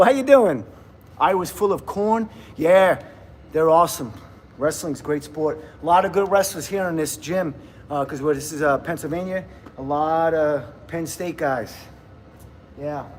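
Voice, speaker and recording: A man's voice: on the high side, measured pace, slight background noise. A man in his fifties chatting casually on a livestream from a gym, rambling and laughing often as he greets viewers. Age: 50s.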